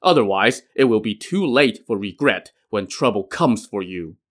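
A man's voice: fairly low pitch, lively intonation, normal speed, fairly bright tone. A man voicing a stern, wrathful old male Taoist master who scolds and commands his pupil. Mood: scolding.

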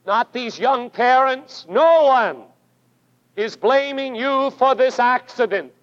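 A man preaching a sermon with fervent emphasis, his voice swelling on key words and dropping to a hush. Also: very high-pitched, expressive, takes it slowly, no room sound. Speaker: pastor. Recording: dull lo-fi sermon recording.

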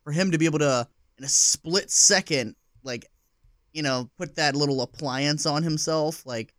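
A man co-hosting a casual movie podcast, speaking haltingly with many fillers and swearing. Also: a little high, fairly bright tone, no room sound, clean studio sound. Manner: halting, filler-heavy, profane. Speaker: podcast co-host. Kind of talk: casual film discussion.

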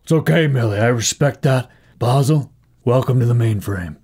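A man voicing a huge, gentle woman in a tabletop game, speaking plainly and earnestly. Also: mid-range voice, moderate pace, slightly rough. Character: huge gentle woman, nine feet tall.

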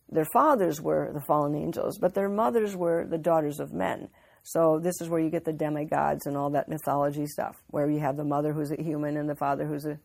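Low, gravelly woman teaching Bible. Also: darkish tone, no echo. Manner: earnest storytelling, frequent restarts.

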